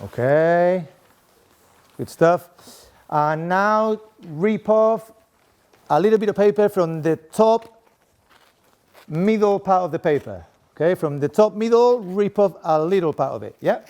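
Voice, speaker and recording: Middle-aged man with a Spanish accent, slightly high voice; chatty, playful lecturer working the room. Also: animated, measured pace, pauses often, a little mellow, clear, resonant tone. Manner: playful, chatty, tags lines with "okay?". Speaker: sport coaching professor giving a talk. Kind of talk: interactive talk to a live audience. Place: room with a seated audience at desks.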